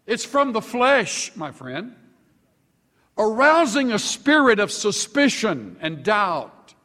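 Animated man preaching in a big hall. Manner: animated, sweeping pitch swings with slow drawn-out emphasis. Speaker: pastor. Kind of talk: sermon.

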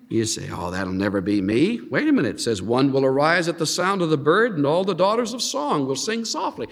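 A man preaching a sermon, reading scripture aloud and acting out quoted lines with an animated, swinging delivery. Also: brisk, hardly any pauses. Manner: animated, swings high and low to act out quotes. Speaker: pastor. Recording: long hall reverb.

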